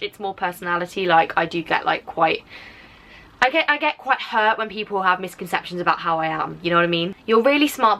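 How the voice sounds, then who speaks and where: Teen female YouTuber, English, softened Black Country accent, casual and filler-heavy, bright tone. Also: fairly low pitch. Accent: softened English, drifting toward Black Country. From Black Country, England. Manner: chatty, rambling, frequent "like" fillers. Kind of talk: casual reaction chat to camera.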